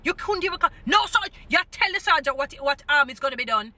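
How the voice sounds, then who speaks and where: Brief: middle-aged Jamaican woman, high, bright, sharp-edged voice, scolding commentary. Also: lively intonation, quick pace. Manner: scolding, indignant, repeats her points. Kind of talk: ranting commentary.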